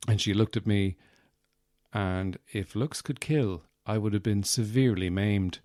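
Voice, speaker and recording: A man's voice: lowish voice, measured pace, a little mellow, no room sound. A man hosting a podcast in a rambling comic monologue, meandering and self-mocking, with many fillers, on a close mic. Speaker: podcast host.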